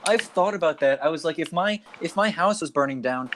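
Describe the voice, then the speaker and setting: A young man with a slightly high voice chats loosely on a podcast and laughs between his sentences. His talk is full of "bro" and "like". A faint hiss from his headset sits under the voice. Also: expressive, brisk, a bit bright. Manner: laughs often, says "bro" and "like" a lot. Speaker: podcast co-host. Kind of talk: casual chat.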